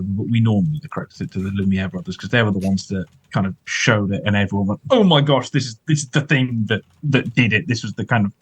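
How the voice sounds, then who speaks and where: A man's voice: on the low side, slightly rough, dry recording, poor audio. A man chatting casually about film history as a podcast co-host, rambling with lots of fillers and hedges.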